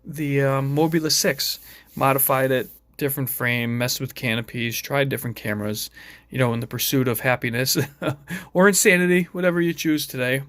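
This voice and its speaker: A man's voice: medium pitch, normal speed, a bit bright, dry recording. Mumbling, chatty man in a dry room. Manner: mumbling, chatty, self-deprecating asides. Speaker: FPV drone hobbyist showing his build. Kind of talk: casual rambling tech vlog.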